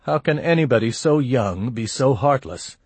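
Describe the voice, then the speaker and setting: A man's voice: medium pitch, lively intonation, normal speed, darkish tone, husky, dry recording. A man voicing a miserable, hungover innkeeper who whines and groans. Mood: whining. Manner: whining, groaning.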